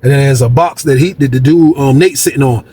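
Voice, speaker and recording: A man casually telling a story from jail life, animated and slangy, repeating words for emphasis. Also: mid-range voice, a little fast, slightly rough.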